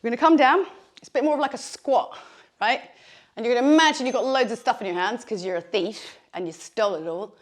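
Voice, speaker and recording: Woman, fitness instructor, chatty encouraging coaching, slightly high voice, out of breath. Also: fast. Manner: chatty, encouraging, with fillers like "like" and "okay". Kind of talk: workout instruction.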